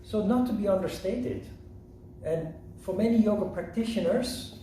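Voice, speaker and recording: A man teaching a yoga lesson in a slow, measured, reflective way. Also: sits high, warm tone, a little hiss or hum. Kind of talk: lecture. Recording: roomy echo from a distant mic.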